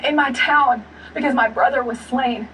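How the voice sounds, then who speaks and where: A woman's voice: high voice, steady tone, normal speed, a bit bright, a little hiss or hum. A woman pleading tearfully as a guest in a televised news interview. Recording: distant television broadcast audio.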